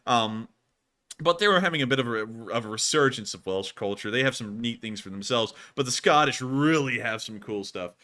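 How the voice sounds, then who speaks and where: An American man hosting a livestream, chatting casually and rambling, with frequent restarts and bursts of excitement. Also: mid-range voice, fairly quick. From United States. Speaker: livestream host.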